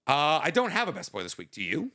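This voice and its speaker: A man's voice: a little high, huge pitch swings, fast talker, sharp tone. A man co-hosting a podcast, chatting casually and trading jokes in banter. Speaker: podcast co-host. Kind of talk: casual chat.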